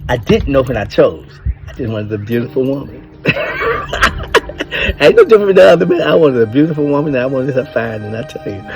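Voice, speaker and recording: Faint music sits behind this older man's mid-range, darkish voice as he talks fast and expressively. In an offhand monologue aimed at men, he preaches bluntly about marriage, swearing liberally and stressing each point.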